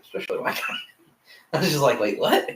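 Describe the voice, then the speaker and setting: A man's voice: fairly high pitch, wildly swooping pitch, a little fast, fairly bright tone. A young man co-hosting a podcast in a laid-back casual chat, swearing freely and restarting his sentences. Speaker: podcast co-host. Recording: echoey room, mic at a distance.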